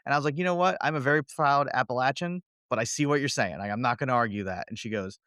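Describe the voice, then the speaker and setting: A man's voice: mid-range voice, fast, hardly any pauses, bright, forceful tone, clean tone, no echo, clean studio sound. A man from Kentucky co-hosting a podcast, telling wry, laid-back stories in casual chat. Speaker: podcast co-host.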